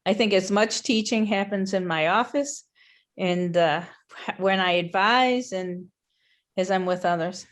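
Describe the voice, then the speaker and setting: A woman answers in a faculty discussion in a measured, thoughtful way. Her pitch sits in an ordinary middle range. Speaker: faculty participant. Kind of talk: discussion over video call.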